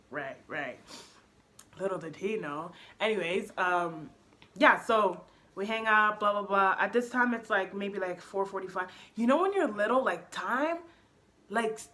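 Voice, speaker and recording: Bright, animated young woman telling a story. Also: mid-range voice. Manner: animated, acts out quotes with slang. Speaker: storyteller vlogger. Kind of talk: casual storytime monologue.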